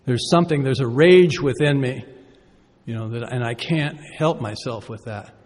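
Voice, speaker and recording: A man's voice: mid-range voice, normal speed, a little mellow, slight background noise. A man giving a personal recovery talk from a podium, conversational and self-deprecating, asking the audience rhetorical questions. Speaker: recovery meeting speaker. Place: conference hall. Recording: reverberant hall.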